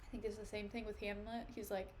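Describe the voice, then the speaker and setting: A woman's voice: mid-range voice, little pitch movement, fast, darkish tone, slight background noise. A young woman streamer reading a play aloud and breaking off to explain it in chatty asides. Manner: chatty, says "like" and "okay" often. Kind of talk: casual read-aloud with commentary.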